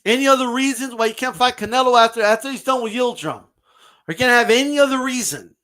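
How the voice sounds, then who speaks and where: A man's voice: very high-pitched, quick pace, bright, forceful tone. A man giving a brash, mocking, profane rant as a boxing commentator. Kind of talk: ranting commentary vlog.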